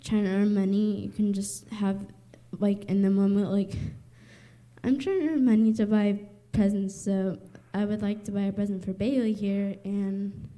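Nervous, teary woman with very mellow voice. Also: medium pitch, fairly even intonation, moderate pace. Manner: nervous, rambling, says "like" often. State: close to tears. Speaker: congregation member giving testimony.

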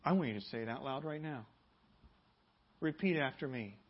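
A man preaching a sermon as pastor, building to loud, emphatic passages and dropping to quiet prayer. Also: lively intonation, moderate pace, slightly rough, lo-fi sound. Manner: emphatic preaching, rising loud and high on key points.

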